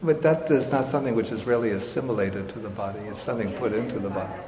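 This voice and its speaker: A man giving a measured, explanatory Buddhist lecture, with touches of light humor. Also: fairly low pitch, crowd noise. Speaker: Buddhist teacher. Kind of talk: dharma lecture. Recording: roomy, dull hall recording.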